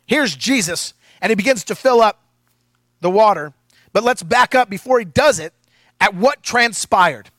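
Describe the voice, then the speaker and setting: Male pastor, lively sermon with playful asides; high, bright voice, dry close sound. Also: normal speed, dry recording. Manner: animated and playful, with asides to the congregation.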